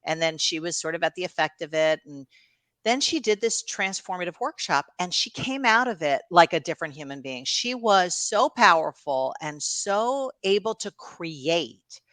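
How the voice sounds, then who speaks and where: A woman's voice: on the low side, animated, normal speed, fairly bright tone, no echo. A middle-aged woman from New York, a coach and guest, telling stories casually with frequent "you know" and laughs. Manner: storytelling, laughs often, fillers like "you know". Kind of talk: casual interview chat.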